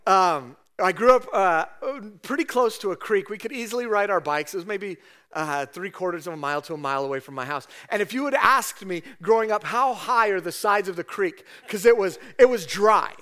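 A man's voice: high voice, expressive, moderate pace, pushed and bright. A middle-aged man, a pastor, preaching a sermon in a conversational storytelling way, often tagging "right?" onto his sentences.

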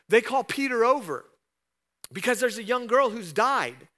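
Bright, forceful male pastor preaching. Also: extremely high pitch, lively intonation, measured pace. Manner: emphatic preaching, rising to loud repeated questions; retells scripture scenes in a storytelling voice. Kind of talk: sermon.

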